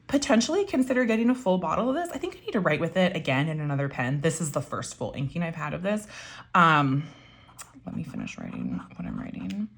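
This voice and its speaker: Low, gravelly woman chatting about pens. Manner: chatty, enthusiastic, many fillers. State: voice getting froggy. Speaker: pen and ink vlogger. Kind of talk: casual show-and-tell while writing.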